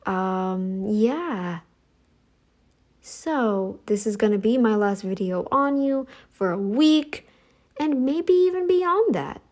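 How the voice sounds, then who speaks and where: Expressive and a little mellow, a middle-aged woman takes it slowly as she hosts her commentary channel. Her monologue is sassy and scolding, directed at critics she ridicules in high voices.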